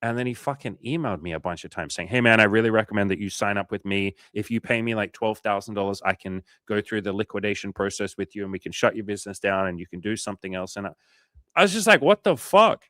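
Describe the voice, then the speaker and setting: Lively low-voiced man telling a story. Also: fast talker, few pauses, no room sound, studio quality. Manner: animated storytelling, swearing, acting out quoted dialogue. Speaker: coach and livestream host. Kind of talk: casual livestream chat answering viewers.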